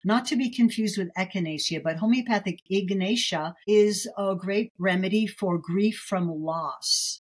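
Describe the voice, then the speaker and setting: A middle-aged woman, a herbalist guest, talking in a gentle, chatty way with many fillers in a casual interview. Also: mid-range voice, measured pace, few pauses, slightly rough, poor audio.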